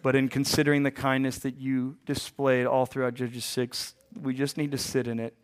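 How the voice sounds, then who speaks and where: A man in his forties, hoarse from a bout of bronchitis, preaches to his congregation. He mixes playful asides with loud, emphatic peaks. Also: medium pitch, level tone, normal speed. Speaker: pastor. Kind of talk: sermon.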